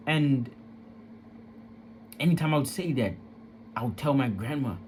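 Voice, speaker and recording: A man's voice: mid-range voice, lively intonation, unhurried, pauses often, a little hiss or hum. A young man candidly telling a personal story, emotional and profane, in casual street slang.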